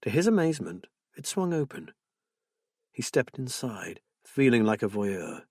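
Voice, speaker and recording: A man narrating a crime thriller audiobook in a measured, subdued way, with a husky voice. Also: mid-range voice, very animated, darkish tone, no room sound, clean studio sound. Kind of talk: scripted narration.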